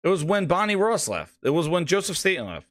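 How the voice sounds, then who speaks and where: A man's voice: sits high, big pitch swings, fast, a bit bright, dry recording, clean studio sound. A man hosting a gaming podcast, ranting profanely and mocking, stumbling and repeating words when riled up. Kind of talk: ranting casual commentary.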